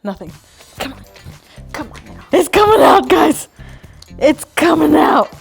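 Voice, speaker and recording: A young woman runs a cooking vlog, speaking in a very high, girlish voice that's sing-song, slightly slow and creaky. She keeps giggling and squealing as she talks directly to her viewers over quiet background music.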